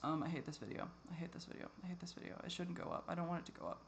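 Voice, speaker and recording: A man's voice: a little high, rapid-fire, slight background noise. Tired man muttering and swearing. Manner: rambling, heavy swearing, drifting into mutters and whispers. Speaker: vlogger. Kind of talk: rambling personal vlog.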